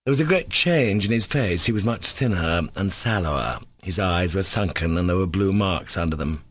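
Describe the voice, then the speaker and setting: A man narrating an audiobook in a steady, measured reading voice. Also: low voice, dry recording. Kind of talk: scripted narration.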